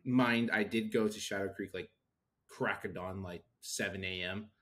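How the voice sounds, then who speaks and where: A man in his thirties, co-hosting a podcast, telling a story in a casual, animated way and acting out the people he quotes. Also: lowish voice, normal speed. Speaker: podcast co-host. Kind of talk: casual chat.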